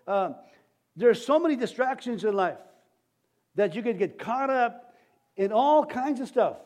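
A man's voice: sits high, a little mellow. A man preaching a sermon as pastor, in a folksy, rambling way with many restarts.

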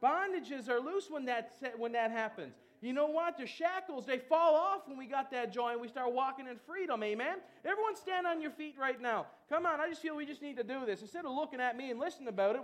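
A pastor with a strikingly high voice preaches a lively sermon, telling stories in a loose, chatty way packed with fillers. He talks briskly with few pauses, then erupts into exuberant shouted calls to his congregation.

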